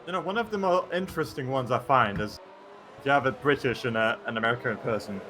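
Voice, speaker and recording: A man's voice: mid-range voice, animated, fast, pushed and bright, slight background noise. A man commentating a sim race, teasing his co-host with dry banter. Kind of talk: casual live race commentary.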